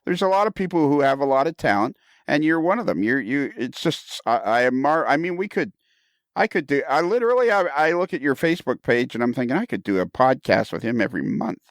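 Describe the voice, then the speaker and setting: A man hosting a casual podcast conversation, enthusiastic and quick to laugh, often repeating his words, heard on a close mic. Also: medium pitch, very animated, no echo. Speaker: podcast host.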